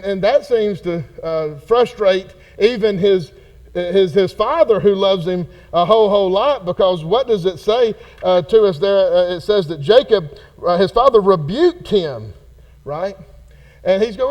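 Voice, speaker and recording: A pastor with a drawl teaches a church Bible study in a folksy, lively way, acting out the people in the story. His voice sits high for a man and keeps jumping up and down. It sounds like a church hall. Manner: folksy, animated, acts out characters.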